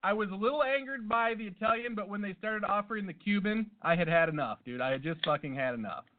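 A man with a slightly high voice co-hosts a loose comedy podcast and spins absurd stories in a deadpan manner. His voice comes through thin and tinny, like a phone line. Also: fast. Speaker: podcast co-host. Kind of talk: casual comedic banter.

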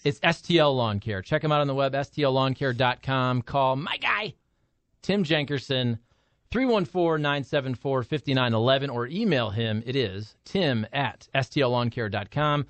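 A man's voice: medium pitch, normal speed, no room sound. A man co-hosting a radio show, giving a breezy, playful live read for a sponsor. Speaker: radio co-host.

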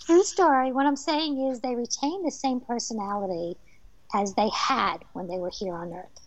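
A woman with a New Jersey accent, a medium speaking as a guest on a talk show and telling stories in an animated way with laughter. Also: fairly high pitch, moderate pace, no echo, highs cut off. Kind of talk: casual storytelling interview.

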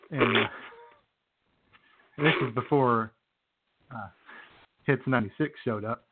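A man co-hosting a radio talk show, rambling through stories with plenty of fillers. His pitch sits in the middle. The sound is tinny and phone-like. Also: takes it slowly, long pauses, noisy background. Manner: rambling storyteller with many fillers. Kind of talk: casual chat.

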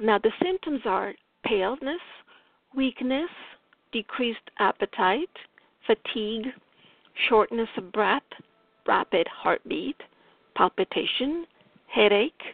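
A woman's voice: medium pitch, vocal fry, no echo. A woman with an Italian accent, reading technical health notes aloud in an informal explanatory talk with fillers and restarts. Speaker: caregiver and health blogger. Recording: dry tinny phone-like audio.

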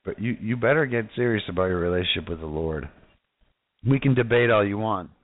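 A man's voice: lowish voice, brisk, dry recording, narrow, tinny audio. A man preaching casually, reading scripture aloud and fervently calling out to his listeners. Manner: fervent, exclamatory, addresses listeners directly.

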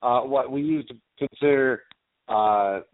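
A man's voice: mid-range voice, a little slow, no room sound. Man guest, blunt plain talk, tinny dry phone sound. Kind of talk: casual radio chat.

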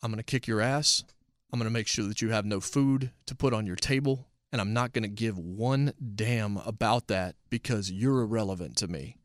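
A man doing a cold, menacing male villain who speaks low and quiet, in a slow, measured tone without ever raising his voice. The sound is dry and close, with no room around it. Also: no echo, lightly acted. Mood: coldly menacing.

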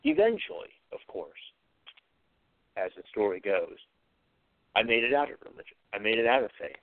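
A man's voice: fairly low pitch, huge pitch swings, normal speed, no room sound. Earnest man on a tinny line. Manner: earnest, with short repeated phrases and frequent hesitations. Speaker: host of an atheist commentary show. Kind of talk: reflective solo monologue. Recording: tinny phone-like sound, dry.

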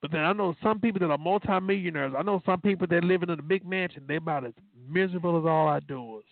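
A man with a fast, gravelly voice on the high side preaches a sermon, telling folksy stories packed with fillers. He then leads a prayer, repeating "God" as a refrain. The sound is dry and tinny like a phone line, with no echo.

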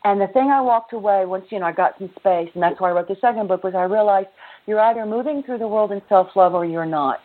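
Heard through narrow phone-line audio, a fast-talking woman with a mid-range voice shares her story earnestly as an interview guest. She is an author and teacher of self-love, and a laugh slips in here and there as she chats.

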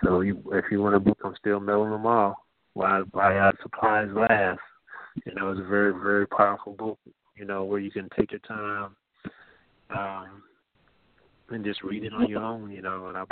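A soft-spoken man giving an informal teaching and hosting, talking haltingly with frequent restarts. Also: on the low side, little pitch movement, no room sound. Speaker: teacher and host. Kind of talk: informal teaching over a phone line. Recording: tinny phone line.

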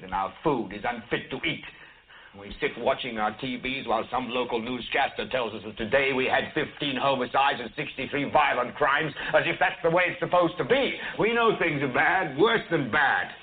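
An actor playing a furious older TV newsman, speaking a film monologue that builds from low brooding to shouted outrage. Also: normal speed, husky, natural voice. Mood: impassioned. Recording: tinny phone-like audio.

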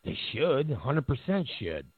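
A man's voice: mid-range voice, very animated, a little slow, breathy edge, dry recording. A man hosting casual political commentary who mocks his opponents, repeats his points and laughs at his own remarks. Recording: tinny phone-like audio.

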